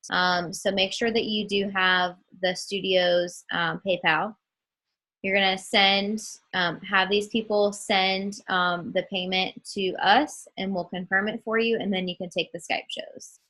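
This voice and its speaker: A woman runs a group training call over her computer mic. She talks slowly and casually, filling pauses with ums, and her voice is bright and forceful. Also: medium pitch, steady tone, low-quality recording. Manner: slow and chatty, many ums, addresses listeners as guys. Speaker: trainer for new webcam models.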